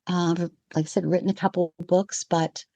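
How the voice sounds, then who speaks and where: A woman guest on a podcast, telling her own story in a lively way and acting out the lines of the people in it. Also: lowish voice, normal speed, gravelly, dry recording. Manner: animated storyteller who acts out the quoted dialogue. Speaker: guest, evidential medium. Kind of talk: personal storytelling in a podcast conversation.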